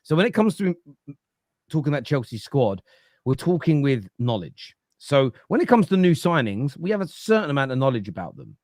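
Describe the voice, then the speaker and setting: A man's voice: medium pitch, big pitch swings, fairly quick, a little mellow, no room sound, clean studio sound. A man debating football on a fan podcast, opinionated, reading out viewer comments and rebutting them. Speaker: football podcast panelist, fan of his club.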